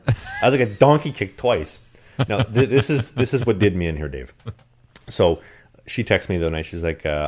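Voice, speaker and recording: A man telling rambling, animated stories in casual chat on a podcast. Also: fairly low pitch, fast. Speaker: podcast guest. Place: rented apartment.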